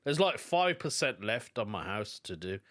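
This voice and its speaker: A man's voice: on the low side, very animated, normal speed, fairly bright tone. A British man hosting a solo podcast, rambling through casual anecdotes and acting out quoted voices. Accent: British English. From United Kingdom. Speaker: podcast host.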